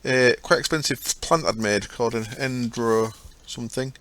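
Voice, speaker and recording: Slight background noise sits under this medium-pitched, fairly bright voice at a moderate pace. A gaming channel host, he gives rambling, chatty remarks on his own gameplay and frequently corrects himself.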